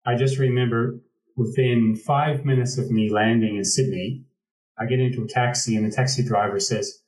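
An American man from the Pacific Northwest tells a story in a reflective, conversational way and often restarts his sentences. His voice has a middle pitch. The recording is roomy, and he sounds some distance from the mic. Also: fairly even intonation, moderate pace, darkish tone. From Pacific Northwest, United States.

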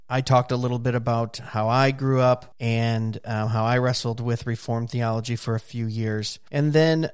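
A man's voice: mid-range voice, smooth, no room sound, clean studio sound. A man hosting a podcast, introducing the episode in a loose, chatty way with fillers and asides. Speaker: podcast host.

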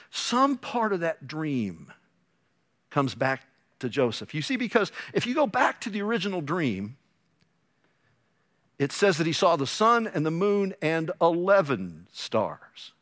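Brief: male pastor, lively storyteller, slightly high, bright and forceful, quick humorous asides. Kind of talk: sermon.

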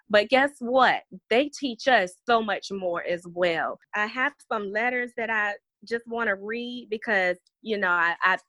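A woman's voice: a little high, fairly bright tone, no room sound. Earnest woman teacher, dry close sound. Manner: earnest, reflective, reads letters aloud. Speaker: special education teacher, guest. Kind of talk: heartfelt interview talk.

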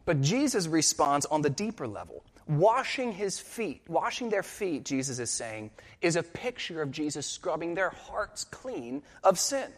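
A man pastor preaching a sermon with earnest intensity, dropping quiet and rising for emphasis. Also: fairly high pitch, very animated, a little slow, long reverb tail.

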